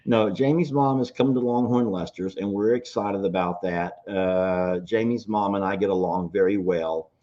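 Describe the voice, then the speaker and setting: A man's voice: lowish voice, moderate pace, hardly any pauses, warm tone. A man, co-hosting a farm sanctuary show in casual, joking chat. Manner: folksy storyteller, joking. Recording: dull lo-fi sound.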